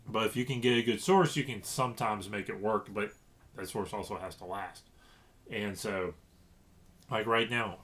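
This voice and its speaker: A man's voice: mid-range voice, fairly bright tone. A man from Louisiana chatting casually to camera about reselling, rambling with many fillers and restarts. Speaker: reseller vlogger.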